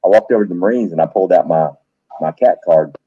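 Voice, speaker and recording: A middle-aged man with a very deep, husky voice tells a blunt, salty story to friends. He is a retired soldier and bar owner, talking loosely and bluntly. The sound is tinny and dry, like a phone line in a close space. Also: fast talker, dry recording. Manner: blunt, profane, animated anecdote teller. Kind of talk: casual storytelling among friends.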